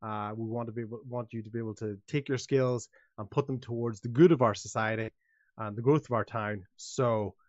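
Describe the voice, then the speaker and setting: A man doing a flustered small-town mayor in a tabletop game, soothing a crowd with halting, pompous official phrases. The voice has a middling pitch, and the recording is dry and slightly dull. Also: fairly even intonation, a little mellow, no echo, lightly acted. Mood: grave. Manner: placating, halting, official-sounding.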